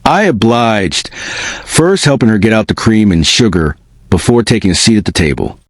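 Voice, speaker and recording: A man narrating a first-person spooky story in an expressive, unhurried way. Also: on the low side, no room sound.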